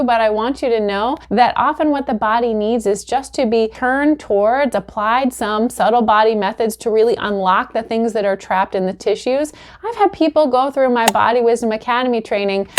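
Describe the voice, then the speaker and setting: A woman practitioner giving calm, encouraging advice straight to the viewer. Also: a little high. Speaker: acupuncture practitioner and healing coach. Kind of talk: direct-to-camera advice talk.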